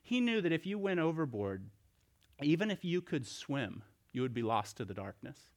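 A man's voice: a little high, very animated, moderate pace. A man preaching a sermon as pastor, telling a scripture story in a conversational way with rhetorical questions and restarts.

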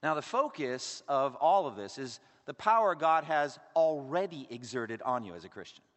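A man preaching a sermon as pastor, varying his volume and pace with dramatic pauses. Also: mid-range voice, big pitch swings, fairly bright tone. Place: church sanctuary. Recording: long reverb of a large hall.

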